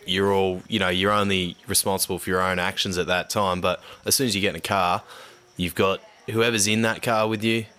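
A man's voice: low voice, level tone, a little fast, few pauses, sharp tone. A man chatting casually on a podcast, laughing easily. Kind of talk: casual chat.

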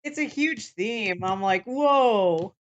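A woman who writes novels, co-hosting a casual book podcast, blunt and swearing freely with quick asides. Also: fairly low pitch, animated, fairly bright tone, lo-fi sound. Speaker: podcast co-host, author. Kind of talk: casual chat about books.

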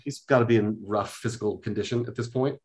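A man, a guest, explaining things step by step in a casual talk, often pausing with "um". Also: lowish voice, darkish tone, slight background noise. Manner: explains methodically, with many hesitations and "um"s. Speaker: guest, card deck inventor.

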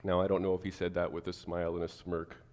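A man preaching a sermon to his church, animated, acting out the people he quotes. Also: sits low, quick pace, long reverb tail. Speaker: pastor.

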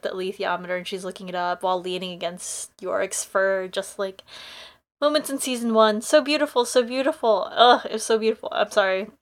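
A woman co-hosting a podcast talks about a series in casual chat. Her voice is mid-pitched. She gushes over favorite moments and gets openly emotional. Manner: gushing, emotional, quick asides. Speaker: podcast co-host. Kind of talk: casual chat, recapping a TV show.

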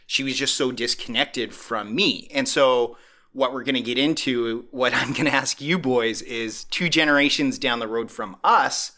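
A podcast host chatting casually and telling a rambling, animated story. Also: male voice, medium pitch, moderate pace.

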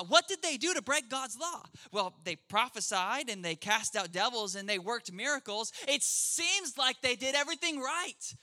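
A man's voice: very high voice, moderate pace. A man preaching a sermon in a conversational way, checking in with the crowd and acting out quoted voices. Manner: acts out quoted voices in a lively way. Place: church service.

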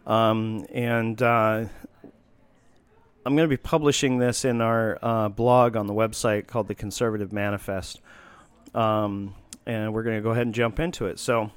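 A man hosting a talk show, chatting in a halting way with many fillers and restarts. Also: fairly low pitch, steady tone, clean tone, no echo. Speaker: podcast host. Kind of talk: casual chat.

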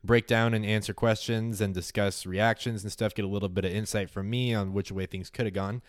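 A man narrates a tabletop game as its game master, relaxed and matter-of-fact. His voice is low and sits smooth and clear. The sound is close and dry. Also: fairly quick, dry recording. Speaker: game master and podcast host.

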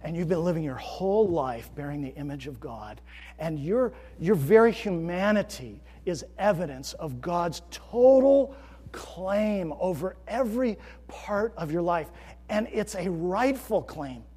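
A middle-aged male pastor preaches in a fairly high, lively voice at an unhurried pace, his tone slightly rough. He alternates between loud, emphatic declarations and soft, conversational asides, all carried on the long reverb of a large church sanctuary.

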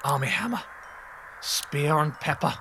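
A man voicing a menacing Western outlaw boss with a slow drawl in a comic game role-play. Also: a little high, expressive, bright, forceful tone, slight background noise, exaggerated voice.

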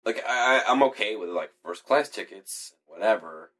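Husky, animated man in casual chat. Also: lowish voice, moderate pace. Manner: joking, animated, swears casually.

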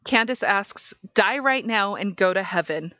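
Slow, measured woman reading a transcript. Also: mid-range voice, expressive, pushed and bright, dry recording. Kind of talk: reading a case transcript aloud.

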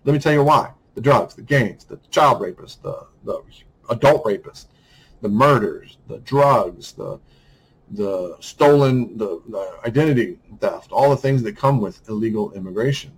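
Husky guy rambling through a podcast rant, lots of ums and restarts. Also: fairly low pitch, a little slow, low-quality recording. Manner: rambling, many restarts and fillers. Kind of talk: casual monologue.

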